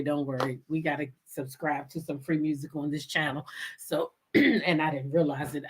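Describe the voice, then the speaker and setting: Her voice is deep yet fairly bright as this channel host welcomes viewers to her livestream. She chats casually, laughs a lot, and stretches out her hellos.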